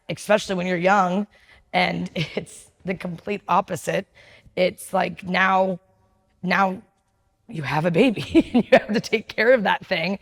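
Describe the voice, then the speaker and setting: A woman in her thirties candidly telling a personal story, blunt and profane, often laughing and acting out what people said. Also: mid-range voice.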